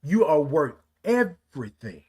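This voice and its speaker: A man's voice: a little high, sing-song, measured pace, darkish tone, husky. A man hosting a morning livestream, greeting viewers by name and giving them a heartfelt motivational talk. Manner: preachy, talks straight to viewers, greets commenters. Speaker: livestream host.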